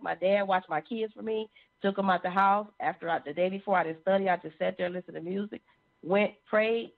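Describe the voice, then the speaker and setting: A woman sharing a personal testimony in an animated storytelling manner. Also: medium pitch. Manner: animated, acts out quoted voices. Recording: phone-like narrow sound.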